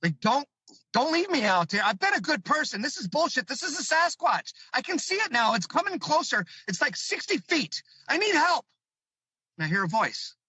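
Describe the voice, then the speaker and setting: A call-in guest from Chicago tells a personal story with vivid excitement, his voice rising high as he relives the fear. He speaks at a moderate pace, and the audio is poor, with no room sound.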